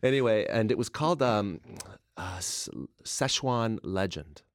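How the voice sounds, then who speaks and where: A man's voice: fairly low pitch, animated, unhurried, no room sound, studio quality. A man, a chef guest on a radio show, talking with playful enthusiasm. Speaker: chef and TV judge, studio guest. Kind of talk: casual radio chat. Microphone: studio microphone.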